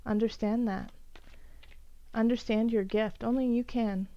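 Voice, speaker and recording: A woman's voice: on the high side, steady tone, a little slow, muffled recording. A woman giving an earnest, encouraging tarot reading for each zodiac sign, with many fillers and restarts. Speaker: tarot reader.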